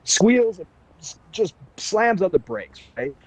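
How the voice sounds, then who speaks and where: A man telling a story in animated, casual chat, swearing and laughing as he goes. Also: sits high, takes it slowly, rough recording. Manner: excitable, swears and laughs a lot. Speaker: podcast panelist.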